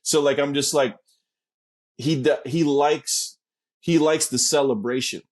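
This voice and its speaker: A man's voice: fairly high pitch, fairly even intonation, a little slow, a little mellow. A middle-aged man telling stories as an interview guest, laid-back and profane, with laughing asides. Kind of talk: casual storytelling.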